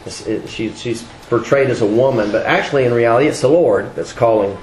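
Man, preacher, conversational sermon, halting restarts, roomy echo, faint background hum. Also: medium pitch, a little mellow. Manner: conversational, with frequent fillers and restarts.

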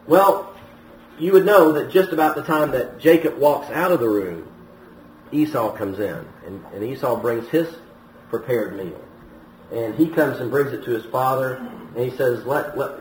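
A man preaches a sermon, retelling a scripture story and lifting his voice on the quoted lines. His voice sits in a middle pitch. The recording is roomy and picked up from a distance. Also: animated, measured pace. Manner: storytelling, with some restarts and raised quoted lines. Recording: roomy, from a distance, faint noise.

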